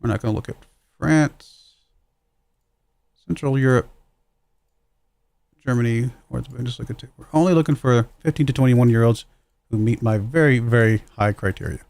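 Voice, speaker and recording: This man's medium-pitched, gravelly voice has a darkish tone, and he speaks at a moderate pace with frequent pauses, recorded dry. Streaming a football management game, he thinks out loud, pokes fun at himself, and chuckles whenever he makes a mistake.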